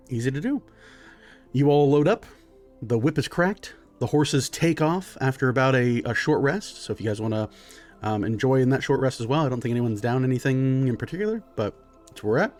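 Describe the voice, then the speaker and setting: A man as game master, narrating a tabletop game in a relaxed way with many fillers. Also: mid-range voice, moderate pace, faint music behind.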